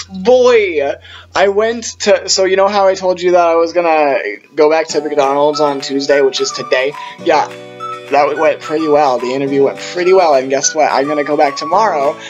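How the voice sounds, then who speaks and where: A man's voice: a little high, highs cut off. A young man vlogging a casual storytime, rambling through tangents and quoting himself in funny voices.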